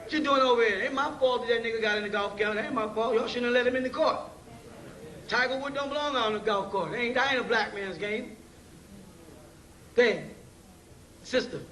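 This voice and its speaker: A man's voice: extremely high pitch, moderate pace, pauses often, sharp tone. A man giving an informal preaching lecture in slangy speech, often asking his listeners if they follow. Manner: slangy, rhetorical, checks in with listeners. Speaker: religious teacher lecturing a group. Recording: echoey room, distant mic, faint hiss.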